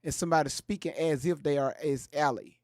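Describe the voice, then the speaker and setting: A man with hosts a livestream. He presses commenters with repeated questions, his voice sitting a bit high for a man, close and dry with no room sound. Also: fairly quick, dry recording. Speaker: livestream host. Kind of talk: livestream talk.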